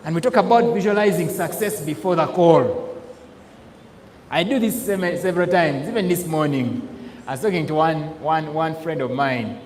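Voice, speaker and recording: A man giving a lively sales training talk, acting out laughs and quoted voices. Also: a little high, moderate pace, slight background noise. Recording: echoey hall with faint ambience.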